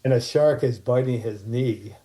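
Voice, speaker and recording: A man's voice: mid-range voice, moderate pace, mellow. A man, a guest telling casual, rambling anecdotes and acting out the voices of people in them. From Martha's Vineyard, USA. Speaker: podcast guest, former child actor. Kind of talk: casual storytelling interview.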